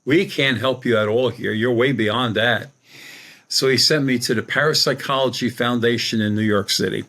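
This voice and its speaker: Brief: middle-aged male medium guest, colloquial rambling storyteller, mid-pitched. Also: fairly even intonation, normal speed, fairly bright tone. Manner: rambling, colloquial, acts out quoted dialogue. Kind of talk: conversational storytelling.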